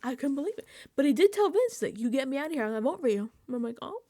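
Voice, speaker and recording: Talking very fast in a high voice, a woman runs a casual reality TV recap through a desk microphone, animatedly playing out her own reactions and quotes. The studio-quality recording has no room sound.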